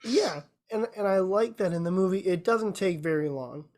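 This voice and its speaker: A woman's voice: medium pitch, moderate pace, a little mellow. A woman co-hosting a podcast, casually retelling a movie plot with lots of filler words. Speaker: podcast co-host. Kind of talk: casual chat.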